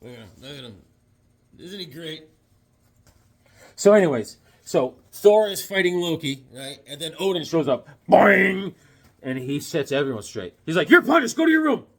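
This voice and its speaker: Here a comic-collecting channel host reviews comics in a relaxed, meandering way, full of groan-worthy puns and asides. His voice is fairly high and his pace is normal.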